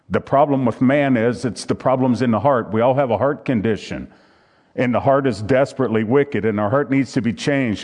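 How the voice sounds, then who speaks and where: A man's voice: medium pitch, darkish tone. A man preaching a sermon, reading scripture aloud and teaching from a handout with emphatic repetition.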